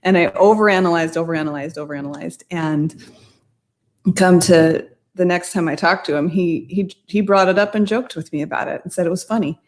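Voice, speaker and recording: Rambling middle-aged woman, slightly low voice. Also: a little fast, hardly any pauses. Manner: rambling, self-correcting storyteller with frequent laughs. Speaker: mindset coach. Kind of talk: casual spoken talk.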